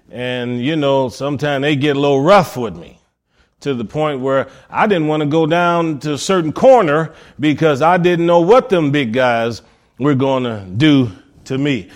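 A man preaching a sermon as pastor, firing off rhetorical questions and repeating key phrases, moving between soft asides and emphatic rises. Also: fairly high pitch.

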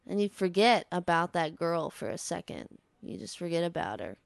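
A woman with a low, gravelly yet smooth voice hosts a comedy podcast. She rambles through an improvised story, filling it with "like"s. The sound is dry and close. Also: sing-song, moderate pace, no echo. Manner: rambling, heavy use of "like".

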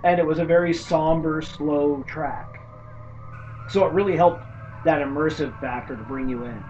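A man swaps tabletop gaming stories in a loose, animated way, swearing freely as he goes. His voice sits a bit high and comes from some distance off the mic. The sound is dull, with a faint hiss behind it. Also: moderate pace. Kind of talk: casual chat about tabletop gaming.

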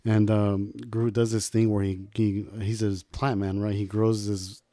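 A man's voice: lowish voice, flat delivery, measured pace, dark tone, no echo, clean studio sound. A man co-hosting a podcast, chatting casually about films and swearing freely. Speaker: podcast co-host. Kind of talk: casual movie chat.

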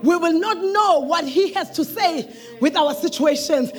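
High-pitched, shouting male preacher. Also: a little slow. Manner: impassioned preaching, shouting and chanting with repetition. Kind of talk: sermon.

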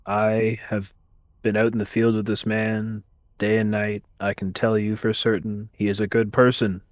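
Low-voiced man joking at the game table. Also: monotone, normal speed, dry recording. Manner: wry, joking. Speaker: player. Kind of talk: tabletop role-play.

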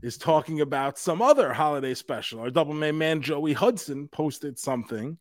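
A man co-hosting a casual pop culture podcast, animated and joking, with casual swearing. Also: on the high side, moderate pace, dry recording, studio quality. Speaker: podcast co-host.

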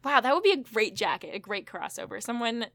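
A woman's voice: fairly high pitch, big pitch swings, fairly quick, a bit bright, no room sound, studio quality. A woman co-hosting a podcast, recapping a TV episode in casual chat with chatty asides and fillers. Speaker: podcast co-host.

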